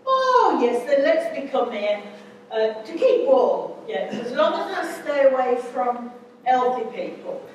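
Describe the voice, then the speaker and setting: A woman's voice: high voice, very animated, measured pace, slight background noise. An actress putting on a dim, bumbling rustic woman's voice with a broad rural dialect, in an amateur stage comedy. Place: community hall stage. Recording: echoey hall, stage mic from far off.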